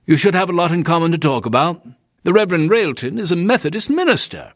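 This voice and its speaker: A cheerful Victorian bathhouse owner makes brisk, friendly introductions, as a male reader puts him on. His pitch is lively. The recording is dry. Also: no echo, full character voice.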